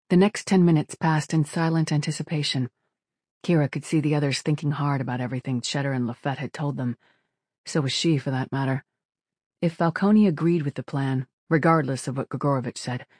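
A man narrating an audiobook in a steady, measured voice at middle pitch. The sound is dry and close, with no room at all. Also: dry recording. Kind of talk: scripted narration.

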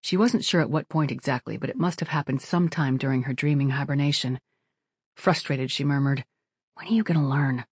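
An audiobook narrator reading in a steady, even manner at a middling pitch. The sound is close and completely dry, with no room around the voice. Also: fairly quick, breathy edge, no room sound. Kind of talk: scripted narration.

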